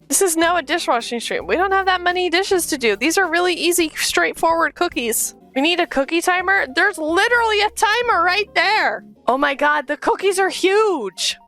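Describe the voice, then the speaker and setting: High, lively woman hosting a cooking stream. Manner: joking, crude, playful. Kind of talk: casual irreverent cooking commentary. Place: home kitchen.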